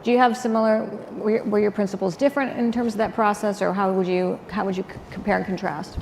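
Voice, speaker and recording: Brief: panel host, woman, fry in her voice, meandering questions, faint background noise. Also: medium pitch, steady tone, quick pace, a little mellow. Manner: chatty, rambling questions with fillers. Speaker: panel moderator. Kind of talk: moderating a live panel. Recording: echoey hall with faint noise.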